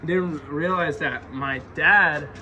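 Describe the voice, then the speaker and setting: Outdoors on a farm, a local resident from Oregon tells a long, rambling story full of "like" fillers. His voice is a little high, slow, and bright, with a forceful tone. The outdoor recording is noisy and muffled.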